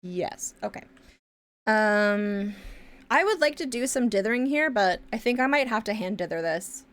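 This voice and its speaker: A woman's voice: mid-range voice, lively intonation, moderate pace, fairly bright tone. A young woman streaming her pixel art, chatting in a rambly way, swearing casually and humming to herself as she draws. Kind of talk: casual chat while drawing pixel art.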